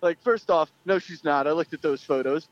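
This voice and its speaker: A man's voice: fairly high pitch, moderate pace, no echo. Loose, profane young man telling a story. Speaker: guest storyteller. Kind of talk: casual anecdote. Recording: dull lo-fi sound.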